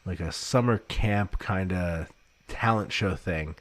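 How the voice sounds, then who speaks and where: Low-voiced guy chatting on a podcast, dry close sound, does the voices in his stories. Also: takes it slowly, no echo. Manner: chatty storyteller, acts out quotes. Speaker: podcast guest. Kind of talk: casual chat.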